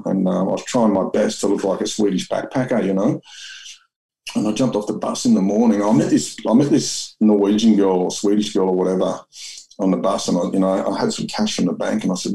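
Gravelly deep Australian man. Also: steady tone, brisk, dark tone, poor audio. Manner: rambling, blunt, swears, many restarts. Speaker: interview guest. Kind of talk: storytelling in an interview.

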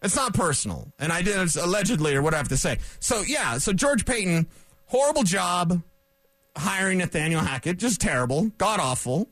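A man talking sports on radio, opinionated and sarcastic, rambling through quick asides. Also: sits high, sing-song, fairly bright tone, no room sound. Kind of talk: opinionated sports talk monologue.

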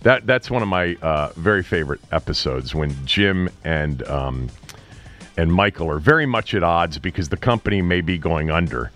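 A male sports radio host with a lowish voice that swings up and down as he riffs casually. He chats in a loose, talky way, laughing at his own asides, with faint music underneath. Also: normal speed. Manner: chatty, animated, laughing asides.

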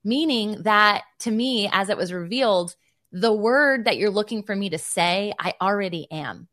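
A woman's voice: medium pitch, normal speed, no echo. Dry-sounding woman podcast host. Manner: animated, emotional storytelling. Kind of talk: faith podcast conversation. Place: Virginia Beach.

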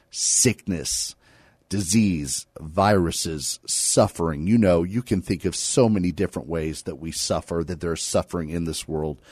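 A man with a deep, mellow voice leads a Bible study, reading passages with emphatic weight before explaining them in plain words. The recording is dry and close, with no room sound around him. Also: unhurried, husky, dry recording. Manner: reads scripture aloud with emphatic quotes, then talks plainly. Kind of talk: scripture reading and Bible teaching.

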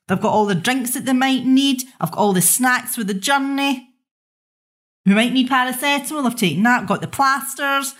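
A woman's voice: a little high, fairly bright tone. A young Scottish woman, a mother, telling a frustrated monologue in an exasperated, ranting way. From Scotland. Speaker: mother telling her story.

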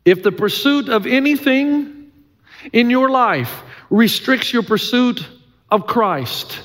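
A middle-aged pastor delivers an earnest sermon in a slightly high voice. His delivery is emphatic and folksy, and he repeats his main points. A long reverb trails each phrase, as it would in a large church hall. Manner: earnest, emphatic preaching with folksy humor and repetition.

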